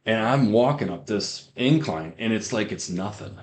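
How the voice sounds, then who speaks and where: Low-voiced man telling his testimony. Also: lively intonation, normal speed. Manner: rambling storytelling with many restarts and fillers. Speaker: guest giving a testimony. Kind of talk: personal testimony on a podcast.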